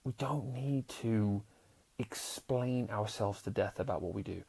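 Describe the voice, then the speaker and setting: A man hosting a casual motivational podcast as a happiness coach. He talks earnestly and restarts often, swinging between loud bursts and soft, sincere stretches. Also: lowish voice, a little slow, gravelly, husky. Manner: swears casually and addresses listeners as warriors.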